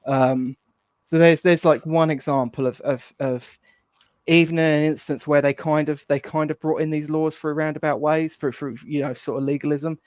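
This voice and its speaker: A man's voice: a little high, level tone, normal speed, darkish tone, no room sound. Hesitant man, dry close sound. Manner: rambling, hesitant, many fillers. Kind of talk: casual political chat.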